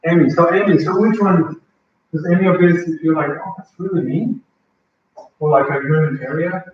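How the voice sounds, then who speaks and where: A man's voice: on the high side, fairly even intonation, brisk, a little hiss or hum. A man presenting a language-learning workshop to a live audience, talking conversationally and often asking the audience questions. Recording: echoey, dull, mic far away.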